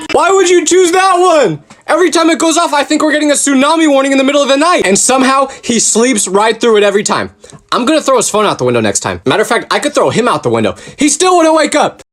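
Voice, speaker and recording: A young man telling comic stories about everyday mishaps in an animated, exasperated way. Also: extremely high pitch, fast. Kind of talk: comedic storytelling skits.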